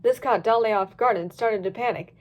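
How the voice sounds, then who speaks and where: A woman reading a fan-written story aloud in a lively storybook manner. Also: fairly high pitch, a little fast. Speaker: reader. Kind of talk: storybook narration of fan fiction.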